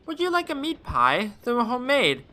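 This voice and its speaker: A man's voice: very high-pitched, huge pitch swings, moderate pace, bright, forceful tone, soft background music, voice pushed up, exaggerated voice. A man voicing a friendly, motherly middle-aged woman novelist in a game who calls others dear. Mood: sweet.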